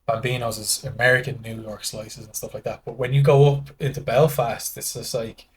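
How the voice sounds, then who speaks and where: A man's voice: medium pitch, steady tone, normal speed, slight background noise. A man with a Dublin Irish accent, a guest in casual podcast chat, rambling through stories full of restarts and acted-out dialogue. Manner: rambling storyteller acting out dialogue, many restarts.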